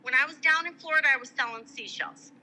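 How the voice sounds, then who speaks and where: A middle-aged woman from Michigan, appearing as a guest, tells a long personal story in casual chat at a quick pace. Her voice sits high, and she's animated, acting out the voices of the people she quotes. The audio is poor.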